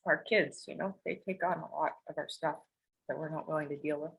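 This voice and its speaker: A woman's voice: sits low, steady tone, fairly quick, gravelly, rough recording. A woman telling personal stories as a podcast guest, rambling, emotional and confessional, with casual swearing. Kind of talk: candid personal storytelling.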